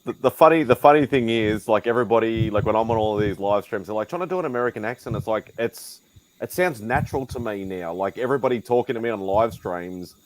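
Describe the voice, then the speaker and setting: Low-voiced man, rapid chatter, lots of "like", faint background hiss. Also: low-quality recording. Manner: rapid, filler-heavy talk. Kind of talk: casual chat.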